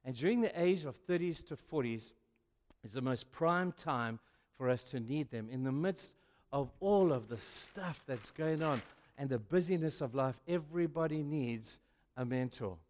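A male pastor preaching a sermon, telling stories with sudden swings between hushed and loud. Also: mid-range voice, animated, moderate pace. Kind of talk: sermon with storytelling. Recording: long reverb of a large hall.

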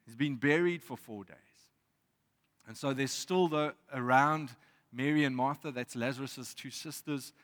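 A man preaching a sermon in a reflective way, reading scripture aloud with pauses. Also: mid-range voice, a bit bright. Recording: long reverb of a hall.

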